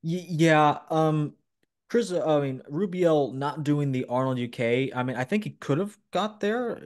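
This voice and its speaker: A man's voice: on the high side, unhurried, a little mellow. A man hosting a podcast interview, mostly giving brief acknowledgments and asking the guest probing questions. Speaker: podcast host.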